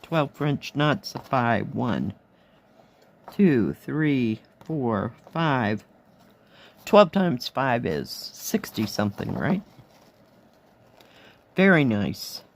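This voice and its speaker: A woman with a hoarse, fading voice, chatting casually through a craft kit review, admiring the pieces and counting aloud as she goes. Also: extremely low pitch, sing-song, very slow, pauses often, slight background noise. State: hoarse, losing her voice. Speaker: cross-stitch vlogger.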